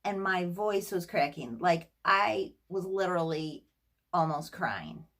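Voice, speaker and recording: Middle-aged woman, lowish voice, chatty storytelling, acts out quotes, laughs here and there. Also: expressive, slow pace, fairly bright tone. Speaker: therapist sharing a personal story. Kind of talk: casual storytelling to camera.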